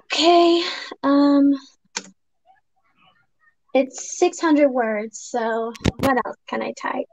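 A woman's voice: high-pitched, very slow, creaky, pauses often, a little mellow, no echo. A young woman chatting casually on a stream while she types, giggling and reading questions aloud. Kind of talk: casual chat while typing. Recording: dull lo-fi mic with faint noise.

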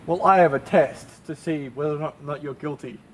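Man doing a flat officious cop. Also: a little high, a little fast, a little hiss or hum, lightly acted. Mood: stern. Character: stern male policeman. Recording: echoey room.

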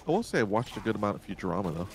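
Joking man with a lowish voice. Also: very animated, racing, gravelly. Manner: joking, laughs often, swears freely. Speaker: let's play co-host. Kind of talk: casual gaming chat.

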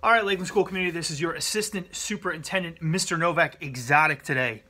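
A man playing a boastful male big-cat sanctuary owner in a loud showman manner, filmed on a phone at arm's length outdoors. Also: on the high side, fast, voice pushed up. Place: outdoors on a home property. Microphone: phone held at arm's length.

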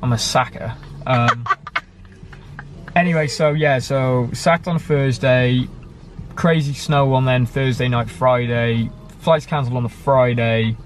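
A man's voice: mid-range voice, fairly even intonation, a little slow, soft background music. A young man from the UK in a casual conversation about his life. He rambles, using many fillers and self-corrections. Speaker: guest sharing his story.

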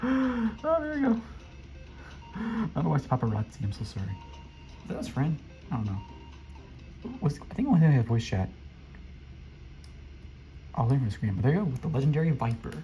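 A young man giving excitable commentary over his own gameplay as a channel host, often jumping into squeaky teasing voices. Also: fairly quick, pauses often, soft background music, low-quality recording.

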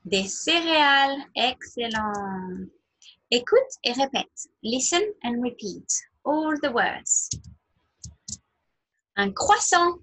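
Woman, nursery language teacher, fairly high and very lively voice, slow sing-song delivery. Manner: slow, sing-song modelling of words for small children. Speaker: French teacher.

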